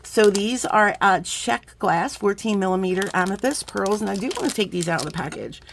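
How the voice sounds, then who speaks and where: A middle-aged woman chatting casually as she unboxes beading supplies, rambling, warm-hearted and quick to get emotional. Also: mid-range voice, lively intonation, gravelly, noisy background. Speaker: beading vlogger.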